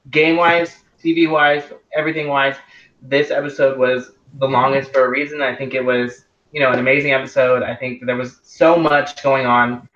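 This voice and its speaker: A young man in casual aftershow chat, talking in a rambling, animated way with lots of filler words. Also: medium pitch. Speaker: eliminated contestant. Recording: echoey, distant, dull lo-fi sound.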